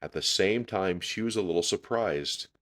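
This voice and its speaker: A man reading a children's chapter book aloud, expressive and measured. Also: sits low. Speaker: storyteller.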